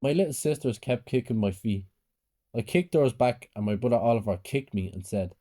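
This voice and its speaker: A man reads a first-person horror story in a plain, low-key way. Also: moderate pace, dark tone. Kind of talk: scripted horror story narration.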